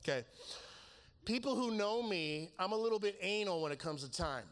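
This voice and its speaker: A man with a fairly high voice tells stories in a loose, laughing sermon style. He acts out both sides of each conversation he describes. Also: moderate pace. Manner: animated, laughing storyteller acting out conversations. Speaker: preacher. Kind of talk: storytelling sermon.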